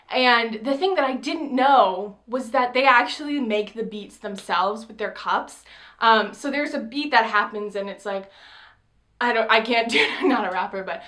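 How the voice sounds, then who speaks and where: A young woman telling a story in a casual vlog, chatty and full of "like", quoting herself with excitement. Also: fairly high pitch. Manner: chatty, says "like" often, quotes herself excitedly. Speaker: vlogger.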